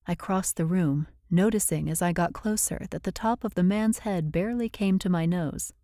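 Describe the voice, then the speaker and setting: A woman narrating a first-person novel as an audiobook in a measured, even storytelling manner, recorded on a studio microphone. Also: lowish voice, dry recording.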